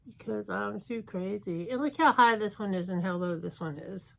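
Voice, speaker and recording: A woman's voice: medium pitch, normal speed, gravelly, hardly any pauses, a little hiss or hum. A woman in her fifties chatting casually through a makeup tutorial, joking at her own expense as she works. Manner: chatty, self-mocking, thinking aloud while applying makeup. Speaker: beauty vlogger.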